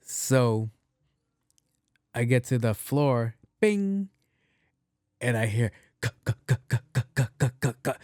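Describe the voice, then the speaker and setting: Male podcast host, casual storyteller, slangy and profane, mid-pitched voice, dry close sound. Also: a little mellow, no room sound.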